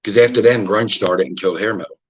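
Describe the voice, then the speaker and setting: A man's voice: lowish voice, quick pace, breathy edge, lo-fi sound. A man hosting a casual podcast, joking and swearing as he argues about music. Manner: profane, joking, argumentative. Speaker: podcast host. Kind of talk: casual banter.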